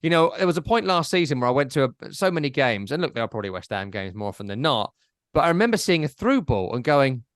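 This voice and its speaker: A man co-hosting a casual football podcast, animated and jokey, often mimicking commentators. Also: mid-range voice, quick pace, no room sound, studio quality. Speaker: podcast co-host.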